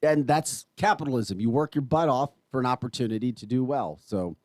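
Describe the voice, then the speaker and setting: A man's voice: medium pitch, brisk. A man with an American accent hosting a morning talk radio show, ranting in an emphatic, exasperated way. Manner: exasperated, emphatic, animated rants.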